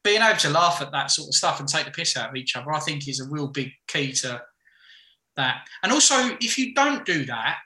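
Chatty guy, bright echoey voice. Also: on the high side, sing-song, fairly quick. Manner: frank, rambling storyteller with many restarts. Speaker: podcast guest. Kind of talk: casual chat.

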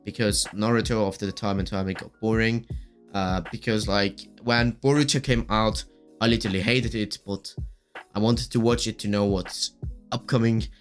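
A man chats on his own as a podcast host in a low voice that keeps cracking. He gushes and rambles with many fillers, and a faint guitar plays softly behind him. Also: steady tone, moderate pace. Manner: gushing, rambling with frequent fillers. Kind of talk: casual solo chat.

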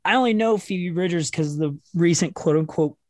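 A man's voice: fairly high pitch, brisk, darkish tone, no echo, clean studio sound. A man hosting a podcast who chats casually, swears freely and tells rambling anecdotes about his kids. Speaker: podcast host.

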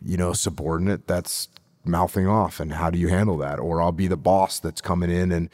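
A middle-aged man with a low-sitting, darkish voice fields interview questions in his role as a leadership instructor. His tone stays steady as he deliberately repeats phrases to drive points home, with no echo on the audio.

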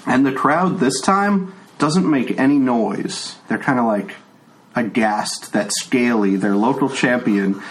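A man narrating as game master in a relaxed, chatty way. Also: mid-range voice, slow pace, low-quality recording.

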